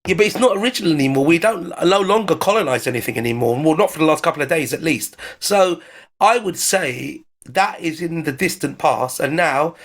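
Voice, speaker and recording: A man's voice: fairly high pitch, expressive, fairly quick. A man with an English accent chatting casually and cheekily as a regular correspondent on a talk show, rambling and teasing. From England. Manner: cheeky, rambling, does mock voices. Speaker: foreign correspondent. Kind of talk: casual chat.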